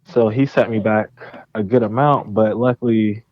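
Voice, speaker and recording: A young man, a game studio founder and podcast guest, telling a story with animated, profane energy and acting out both sides of the conversations. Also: lowish voice, moderate pace, no room sound, lo-fi sound. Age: young adult.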